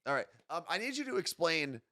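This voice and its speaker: A man's voice: fairly high pitch, big pitch swings, a little fast, sharp tone, dry recording, studio quality. A man co-hosting a casual morning show, joking and poking fun at himself. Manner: joking, self-mocking. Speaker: podcast co-host.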